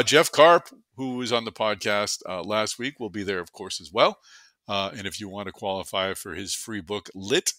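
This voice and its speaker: A man's voice: on the low side, pushed and bright, dry recording. A man with a Boston accent hosting a podcast in an upbeat, casual way, with plenty of fillers. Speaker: podcast host.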